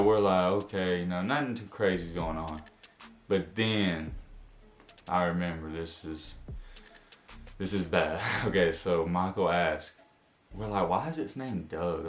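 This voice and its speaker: A young man telling a spooky personal story as a vlogger. He talks in casual slang, going from hushed to loud and excited. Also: low voice, roomy sound. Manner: animated storytelling, slang-heavy, jumps from hushed to shouting. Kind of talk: story time vlog. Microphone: camera mic.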